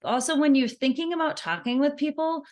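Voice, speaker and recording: Lively, high-voiced woman training a group. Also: fairly quick. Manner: animated and conversational, with playful acted-out examples; laughs easily while explaining. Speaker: networking skills trainer. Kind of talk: workshop presentation.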